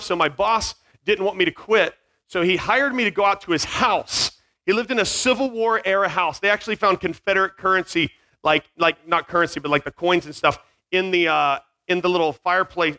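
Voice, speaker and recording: A man's voice: high-pitched, bright, forceful tone. A man in his forties with no regional accent, joking with middle schoolers at a youth camp through a headset mic, self-mocking and jumping from tangent to tangent. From Virginia. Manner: scattered, self-mocking, jumps between tangents.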